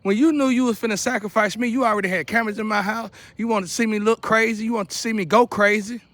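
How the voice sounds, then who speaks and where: A man's voice: high voice, fairly even intonation, quick pace, a bit bright, dry recording. A man delivering an impassioned, repetitive monologue to the camera outdoors, building to an urgent outcry. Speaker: vlogger. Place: outdoors near a porch.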